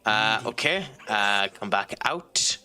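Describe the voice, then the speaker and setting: A man's voice: on the low side, lively intonation, takes it slowly, pushed and bright, clean tone. An Irish man streaming a game, talking casually and rambling with lots of ums and restarts while he chats with his viewers. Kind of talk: casual gameplay commentary and chat reading.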